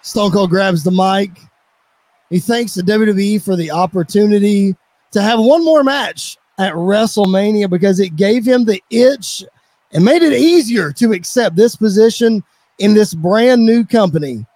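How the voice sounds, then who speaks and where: High, lively male wrestling announcer. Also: measured pace, no echo. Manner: excitable play-by-play announcing. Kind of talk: narrating an imagined wrestling show.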